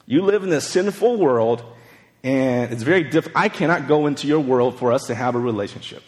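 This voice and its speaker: A man's voice: mid-range voice, a little fast, long reverb tail. A man in his forties preaching a casual, conversational sermon, telling stories and checking in with frequent asides. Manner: chatty, storytelling, frequent "right?" asides. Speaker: pastor.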